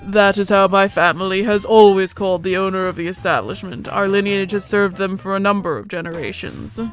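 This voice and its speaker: A woman voicing a reserved, polite male minotaur hotel keeper who speaks formally and measured. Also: medium pitch, faint music behind, voice pushed down, close to an everyday voice. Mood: earnest.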